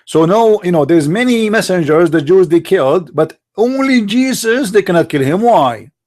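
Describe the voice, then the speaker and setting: A man's voice: sits high, animated, normal speed, darkish tone. A man hosting an online stream, mocking his opponents with sarcastic, taunting rhetorical questions into a computer mic. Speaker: live-stream host debating callers. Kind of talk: mocking polemic monologue.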